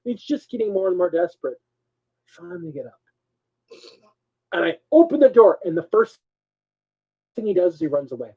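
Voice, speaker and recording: A man co-hosting a live show, telling a story in a casual, animated way. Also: high-pitched, moderate pace, pauses often, slightly rough, highs cut off. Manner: animated, swings between mutters and loud bursts. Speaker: co-host.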